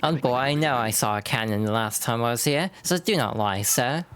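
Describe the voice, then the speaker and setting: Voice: mid-range voice, lively intonation, moderate pace, a bit bright, a little hiss or hum, lightly acted. A streamer voicing an old, formal Bob-omb sailor from a video game who speaks in a proper, old-fashioned way. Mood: determined.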